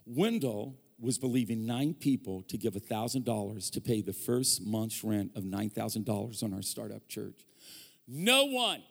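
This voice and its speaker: A man's voice: medium pitch, a bit bright. A man preaching a sermon as a guest pastor, telling stories animatedly, acting out quoted voices and joking with the congregation. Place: church hall. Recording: long church reverb.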